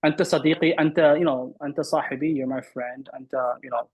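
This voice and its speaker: A man's voice: mid-range voice, steady tone, fairly quick, dull audio, a crowd in the background. A man teaching an online Arabic class, quizzing students and correcting them through repeated words.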